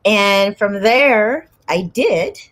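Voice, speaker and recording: A woman talking as a guest on a chat show, telling a long story in a rambling, animated way and laughing often. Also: mid-range voice, drawn-out words. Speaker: guest actress and comedian. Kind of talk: casual chat.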